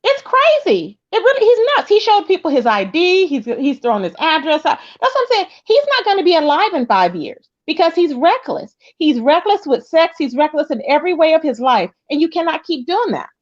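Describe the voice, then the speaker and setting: A woman hosting a livestream in brash, profane gossip chat, her voice jumping up high when outraged. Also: big pitch swings, brisk, few pauses, lo-fi sound. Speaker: livestream host.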